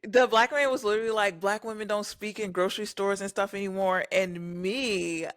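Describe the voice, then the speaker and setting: Blunt, bright woman. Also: mid-range voice, steady tone, moderate pace. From southern Virginia, US. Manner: blunt, laid-back, uses slang and swears. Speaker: podcast co-host. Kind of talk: casual chat.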